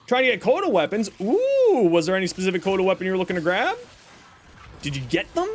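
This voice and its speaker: A man's voice: high voice, very animated, quick pace. A man live-streaming a video game, upbeat and chatty, greeting viewers and answering their questions. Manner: upbeat, greets chat warmly, baby-talks his pet.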